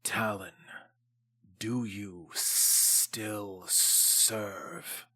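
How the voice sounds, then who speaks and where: A man doing a slow, whispering lizard lord. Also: steady tone, bright, forceful tone, heavily acted. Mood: stern. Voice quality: low, slow, half-whispered rasp. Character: old male lizard lord, slow and menacing.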